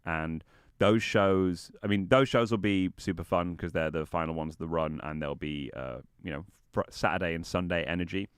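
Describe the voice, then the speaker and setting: A man tells comic stories in a casual chat, his voice sitting low. The sound is dry and close, with no room around it. He often leaps into high, animated voices when he quotes people. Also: moderate pace, smooth, no echo. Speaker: comedian guest.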